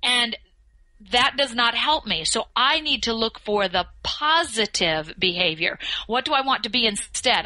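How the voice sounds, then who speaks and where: A woman speaking as an expert guest on a podcast interview, coaching listeners and slowing down to stress her key phrases. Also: fairly high pitch, animated, sharp tone, poor audio. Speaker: communication skills expert guest.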